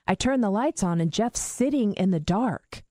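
A woman sits in casual conversation and tells a family story with lively energy. Her voice sits at a middle pitch, and the recording is dry and close. She swears freely as she talks. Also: moderate pace, dry recording.

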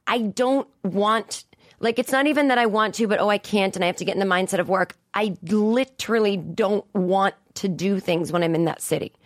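A woman in her forties talks into a studio mic in a loose, exasperated monologue, swearing freely and pushing her voice up when she gets worked up. Her pitch sits in a middling range, and the sound is dry and close with no room echo. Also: normal speed. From Boston area. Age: 40s. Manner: profane, exasperated rant with frequent emphatic rises. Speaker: comedian podcast host. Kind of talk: casual monologue.

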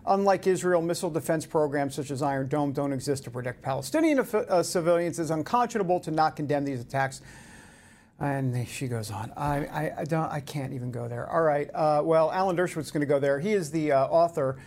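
Excitable male talk show host. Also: a little high, fairly quick. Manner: excitable, emotional asides. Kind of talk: political talk show hosting.

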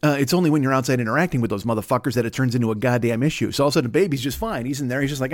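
A man's voice: mid-range voice, very fast, hardly any pauses. A man in his fifties from the Chicago area, hosting a solo comedy podcast and ranting in a rambling, profane, self-mocking way. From Chicago area, USA. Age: 50s. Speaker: podcast host.

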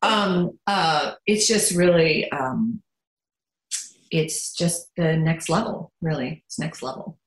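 A middle-aged actress chatting as a podcast guest, animated and quick to laugh, turning soft and quiet when she talks about her children. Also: deep voice, echoey room, low-quality recording. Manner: animated, laughs a lot, swings between giddy and soft. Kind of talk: casual interview chat.

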